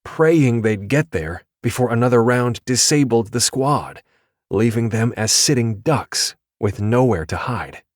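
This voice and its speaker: A man of medium pitch narrates an audiobook in a measured, even storytelling manner. The recording is dry and of studio quality.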